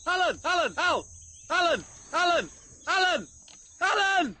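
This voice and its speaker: A shrill screeching meerkat. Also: male voice, very animated, unhurried, bright, forceful tone, heavily acted. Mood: shrieking. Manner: screeching, repetitive calling. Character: shrill frantic meerkat shouting for a friend.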